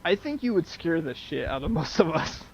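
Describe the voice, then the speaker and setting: A man's voice: on the high side, sing-song, brisk, dull audio, slight background noise. A man from the United States in a casual podcast chat, teasing and self-deprecating. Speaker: podcast co-host.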